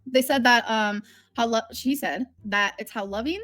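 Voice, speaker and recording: A woman's voice: fairly high pitch, moderate pace, fairly bright tone, no echo. A woman hosting a livestream from home, talking in a candid, rambling, emotional way. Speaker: livestream host. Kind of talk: casual livestream chat.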